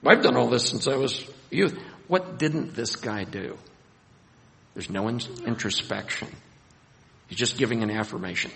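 A man preaching a sermon in a gravelly voice, his words ringing out with a long hall reverb. He is animated and acts out scenes, raising his voice for emphasis. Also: mid-range voice.

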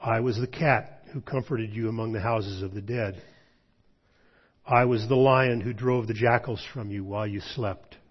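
A man voicing a huge, ancient male lion who speaks slowly in a deep, hushed voice. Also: husky. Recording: dull lo-fi sound.

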